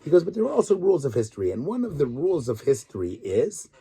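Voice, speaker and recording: A middle-aged rabbi tells a story in a weekly Torah talk, his voice rising and falling with lively energy. The tone is mellow and warm, with a slightly husky grain, and he acts out the other people in his stories as he goes. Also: on the high side, fast talker. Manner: animated storyteller, acts out quotes. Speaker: rabbi and tour guide. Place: Israel.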